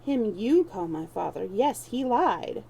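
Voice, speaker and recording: A woman's voice: mid-range voice, very animated, slow, vocal fry, dark tone, breathy edge, full character voice, poor audio. A woman doing a haughty boy king. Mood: scornful. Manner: stiff, scornful archaic speech.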